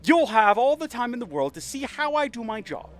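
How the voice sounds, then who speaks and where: A man's voice: very high-pitched, big pitch swings, fairly quick, voice pushed up. A man voicing a threatening male gangster interrogator in a put-on New York accent while playing a video game. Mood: menacing. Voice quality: clumsy tough-guy gangster voice, threatening. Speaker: streamer voicing a game character.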